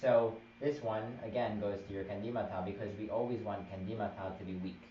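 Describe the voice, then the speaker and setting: A man with a lowish, mellow voice leads a chant theory class over a live stream, speaking fast in a steady tone as he patiently explains and counts beats. The audio is roomy, distant and dull, with noise.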